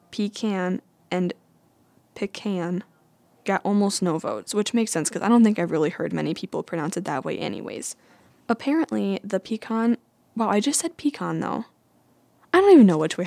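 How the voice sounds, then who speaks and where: A woman's voice: medium pitch, gravelly, darkish tone, dry recording. A woman vlogging in a chatty, playful, self-mocking way. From United States. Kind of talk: casual chat.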